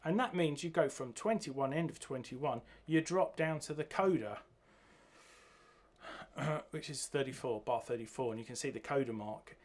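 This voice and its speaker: A man teaching a bass guitar piece, counting beats and singing the rhythms aloud as he goes. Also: moderate pace. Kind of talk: music lesson walkthrough. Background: bass guitar playing.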